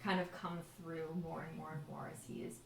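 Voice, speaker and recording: Woman game master, casual narration, lowish voice, echoey room, noisy background. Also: flat delivery, brisk, creaky. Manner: casual, chatty, many fillers.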